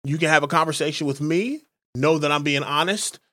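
A man co-hosting a talk show, slightly higher-voiced than the other host. He talks loosely, tells crude stories, and acts out other people's lines as he goes. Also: a little fast, pushed and bright. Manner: loose storytelling, acts out quotes. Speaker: podcast co-host. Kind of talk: casual crude chat.

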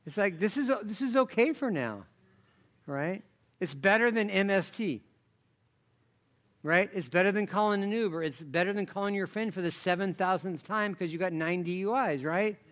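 A man preaches in a high voice, talking the way he would in conversation. He wanders into self-deprecating asides and stumbles over restarts, then pushes his points home with sharp, emphatic bursts. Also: moderate pace. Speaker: pastor. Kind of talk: conversational sermon.

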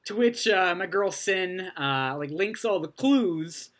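A woman's voice: lowish voice, animated, slow. A woman co-hosting a casual recap chat, sarcastic and swearing often, laughing along. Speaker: podcast co-host.

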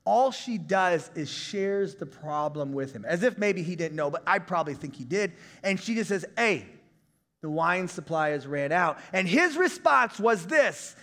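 A male pastor in his thirties preaching a conversational sermon, breaking into shouts now and then. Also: high voice, expressive, unhurried, in a large hall.

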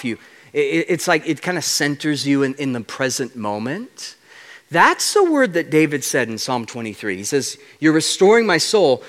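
A man preaching in a church sanctuary, his fairly high voice swinging up and down in pitch. He talks with playful, animated energy and clear excitement about word meanings. A long reverb from the big hall hangs after his phrases. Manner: animated, playful, explains Hebrew words. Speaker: guest preacher. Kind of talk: sermon.

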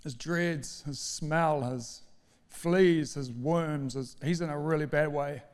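A man voicing a blunt veterinarian within a sermon, dropping into a lower, subdued delivery. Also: slow. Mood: grim. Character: blunt veterinarian giving a grim verdict. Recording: long hall reverb.

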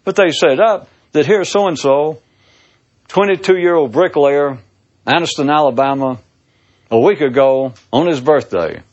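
A man with a voice on the high side speaks at a measured pace in a relaxed philosophical monologue. His tone is sarcastic and theatrical, and his emphasis swoops. The lo-fi recording is dull.

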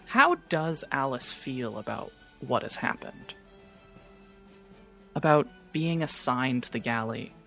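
A woman narrating a tabletop game as game master in a measured, descriptive way. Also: very deep voice, fairly bright tone.

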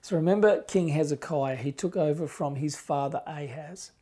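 In a slightly high voice and at a moderate pace, a middle-aged pastor preaches fervently. He moves back and forth between booming emphasis and soft, near-whispered moments.

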